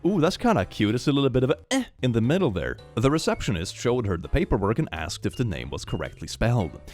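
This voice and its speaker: A man hosting a comedic reaction commentary, reading posts aloud and reacting in an animated, profane way with laughter and shrill outbursts. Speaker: host.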